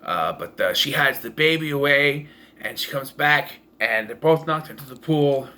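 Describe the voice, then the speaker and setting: A man's voice: medium pitch, lively intonation, normal speed, pushed and bright. A man giving a casual home-made movie review, rambling and blunt, with profanity and frequent restarts, recorded on a camera propped up in a room at home. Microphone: camera propped on taped-together cases.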